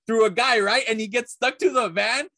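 A man in casual chat who tells scenes with animated energy and frequent swearing. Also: very high-pitched, moderate pace, over a noisy crowd. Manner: animated storyteller, swears often, acts out scenes.

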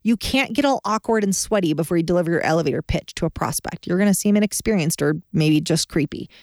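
A woman's voice: lowish voice, fast talker, a little mellow, dry recording. Confident woman teaching sales, dry sound. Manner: emphatic, confident, conversational. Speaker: podcast host and business advisor. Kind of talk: podcast sales lesson.

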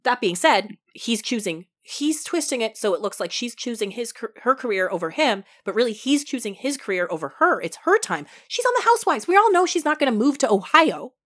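A woman's voice: a little high, big pitch swings, a little fast, hardly any pauses, fairly bright tone. A woman co-hosting a casual podcast chat, making wry, joking remarks. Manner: wry and joking, with frequent laughs. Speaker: podcast co-host. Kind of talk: casual chat recapping reality TV.

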